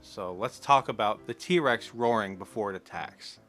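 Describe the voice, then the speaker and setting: Bright-voiced, exasperated ranting man. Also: lowish voice, normal speed, faint music behind. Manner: exasperated, profane, sarcastic. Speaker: movie commentator. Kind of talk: ranting film commentary.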